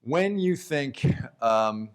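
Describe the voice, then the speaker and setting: Man interviewing onstage with quick interjections. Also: medium pitch, expressive, clean tone. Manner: quick interjections, drawn-out questions with fillers. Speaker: radio host, interviewer. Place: downtown event hall with live audience.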